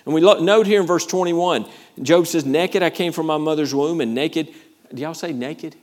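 A man's voice: on the high side, normal speed, a little mellow. Man, pastor, sermon, emphatic, repeats key phrases, asks "Amen?". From Georgia, USA.

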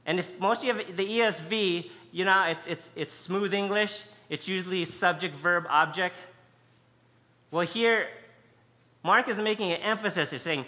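A man's voice: high-pitched, unhurried, bright, forceful tone. A man preaching a sermon, emphatic and conversational, stressing key words by repeating them. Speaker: pastor.

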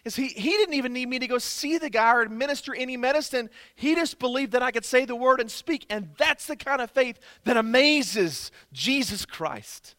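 Brief: man doing Jesus in a sermon, bright, emphatic, exhorting. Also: very high-pitched, expressive, normal speed, hardly any pauses, dry recording, pitched above the performer's own voice, exaggerated voice.

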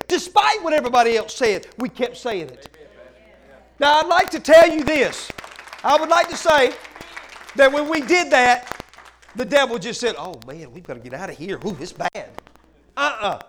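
A man's voice: very high voice, fairly bright tone, slight background noise, rough recording. A man pastor preaching a sermon in a church, impassioned and driving his points home with emphatic repetition.

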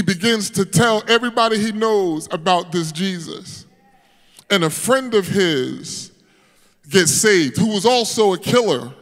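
A man with a high, bright pitch preaches to his congregation, telling a conversion story. He swells from hushed narration into shouted, sing-song peaks. His voice rings out with a long hall echo, as in a church sanctuary. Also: expressive, a little slow. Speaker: pastor. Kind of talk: sermon.

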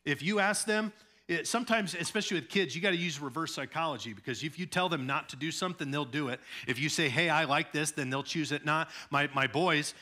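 A pastor who grew up in the Chicago area preaches a sermon, with animated delivery, humor and acted-out quotes. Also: male voice, a little high, brisk. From Chicago area, USA. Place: church sanctuary at a podium.

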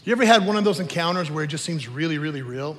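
Male pastor, high voice, chatty storytelling sermon, long hall reverb. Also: animated, rapid-fire. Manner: conversational storytelling with teasing asides.

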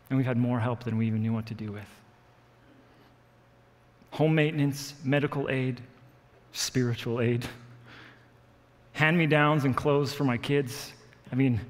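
A male pastor speaks in a middle-range voice, lively and self-deprecating as he tells a story to his congregation. He acts out quotes with sudden jumps in energy. His voice rings with the long reverb of a church hall. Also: mid-range voice. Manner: animated storyteller, acts out quotes, laughs at himself. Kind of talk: sermon with personal story.

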